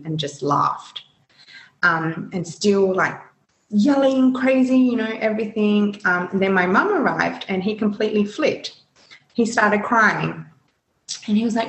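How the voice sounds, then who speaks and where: A woman's voice: fairly low pitch, normal speed, reverberant, poor audio. A woman recounting a personal story as an interview guest, rambling, full of "you know" and "um". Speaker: guest sharing her story.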